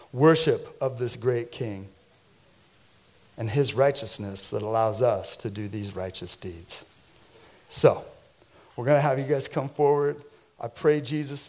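A male pastor preaching a sermon to his church, moving between quiet, close asides and loud, lifted proclamations. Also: mid-range voice. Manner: dynamic preaching, swings from hushed to loud.

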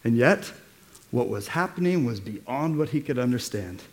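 A man's voice: mid-range voice, lively intonation, normal speed. A man preaching a sermon as pastor, in a casual, slangy way, rallying the congregation. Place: church.

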